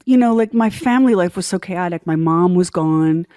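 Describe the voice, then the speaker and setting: Middle-aged woman on a podcast telling stories, kinda low warm voice, dry close mic. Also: normal speed, no room sound. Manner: candid, animated storyteller, acts out quotes. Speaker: podcast co-host. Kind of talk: storytelling in casual chat.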